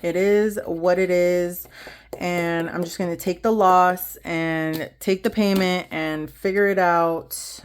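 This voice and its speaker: A woman's voice: lowish voice, steady tone, slow, slight background noise. A woman in her thirties, a budgeting vlogger, chatting casually to her viewers while she counts cash into envelopes. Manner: rambling, chatty, talks straight to viewers, counts bills aloud.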